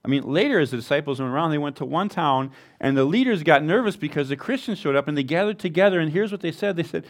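Lively-voiced male pastor preaching casually. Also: a little high, fast talker, hardly any pauses. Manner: animated, informal, with self-deprecating asides. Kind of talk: conversational sermon.

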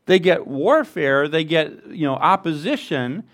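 A man preaching a sermon to his congregation in a relaxed, conversational way, with informal asides and self-deprecating humor. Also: a little high, a little slow. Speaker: pastor.

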